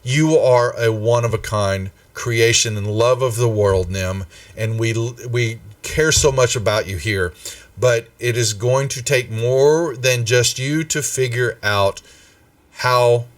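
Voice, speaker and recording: A man's voice: mid-range voice, slow, dry recording, far from the mic, natural voice. A man voicing a flustered female bronze dragon who scolds and comforts a small inventor. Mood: tender. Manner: exasperated, scolding. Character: frantic bronze dragon woman, flustered guardian.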